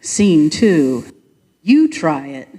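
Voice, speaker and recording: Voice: medium pitch, very animated, drawn-out words, mellow, big-room sound. A leader narrating and directing an unrehearsed church pageant, coaxing the congregation along. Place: church sanctuary.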